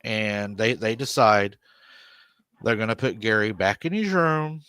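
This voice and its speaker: A man's voice: on the low side, measured pace, fairly bright tone, clean tone. A man hosting a live paranormal stream, retelling a family's story and quoting the people in it. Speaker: paranormal show host.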